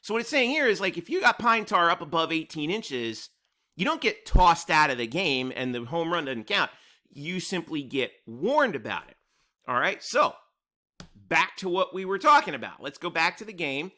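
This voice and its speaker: A man's voice: on the high side, very animated, normal speed, sharp tone. A man hosting a casual video breakdown of a game, rambling and repeating himself as he talks it through. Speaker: host.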